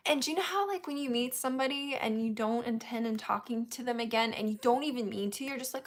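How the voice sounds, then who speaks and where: A woman's voice: a little high, expressive, a little fast, a bit bright. A woman hosting a casual chat, telling a story candidly and laughing often. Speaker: host.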